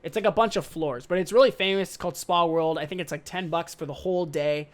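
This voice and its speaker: A young man in his twenties with a slightly higher-than-average voice, hosting his own podcast. He talks off the cuff, loose and slangy with the odd swear word. He sounds upbeat and excitable. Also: quick pace. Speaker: podcast host. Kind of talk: casual podcast monologue.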